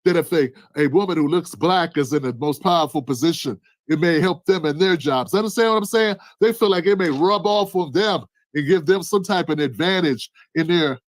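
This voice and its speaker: This channel host is a man whose voice is fairly high and moves at normal speed. His political commentary is fervent, built on repetitive rhetorical questions, and he addresses a listener by name.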